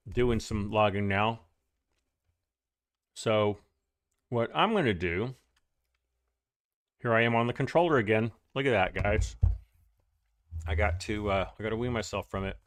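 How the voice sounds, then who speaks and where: A man's voice: medium pitch, fairly bright tone, no echo. A man talking loosely into his stream while he plays a farming game, stopping to greet his chat with a friendly "howdy" and trailing off mid-sentence. His voice sits in an ordinary middle register. The sound is close and dry, with no room around it. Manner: chatty, greets viewers with "howdy", rambling restarts. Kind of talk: casual live-stream gaming commentary.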